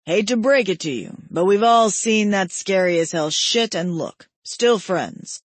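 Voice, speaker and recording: A woman narrator voicing a gentle, teasing male best friend in an audiobook, drawing out his words slowly. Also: medium pitch, dry recording, lightly acted.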